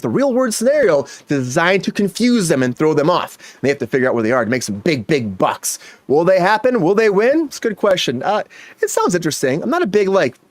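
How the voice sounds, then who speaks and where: Male show host, quick and animated delivery, dry close sound; hypes up the news. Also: high voice, no room sound. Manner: energetic, hypes up breaking news. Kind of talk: comedy entertainment news chat.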